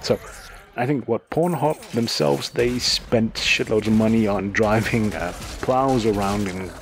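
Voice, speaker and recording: A man's voice: fairly low pitch, measured pace, a little hiss or hum. Chatty man explaining the news. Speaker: podcast co-host. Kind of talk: casual chat.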